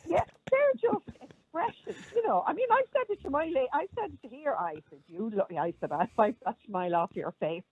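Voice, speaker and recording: A woman's voice: high-pitched, very animated, a little fast, few pauses, a little mellow, no echo. A middle-aged Irish woman calling in to a radio show, chatty and firm as she talks about raising her daughter. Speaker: caller. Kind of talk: phone-in radio call. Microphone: telephone. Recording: tinny phone line.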